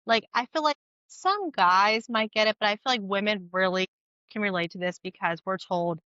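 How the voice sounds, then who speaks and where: A woman's voice: medium pitch, normal speed, clear, resonant tone, dry recording, dull audio. A woman fitness coach chatting on a podcast over a video call with earphones, telling stories and acting out what her clients say. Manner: lively storytelling, acts out quotes from clients. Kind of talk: casual podcast chat.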